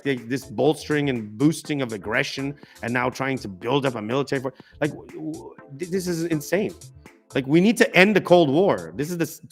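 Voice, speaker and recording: A man hosting a live political talk stream, ranting emphatically and stumbling over restarts. His voice sits somewhat high for a man, with faint music in the background. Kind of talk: casual political commentary.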